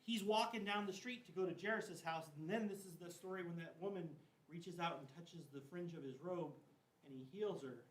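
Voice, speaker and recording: A high-pitched, slightly fast male voice retells Bible stories to a confirmation class in a casual, chatty style heavy on "like" and slang. Echo fills the room, the microphone is far off, and a faint hiss runs underneath.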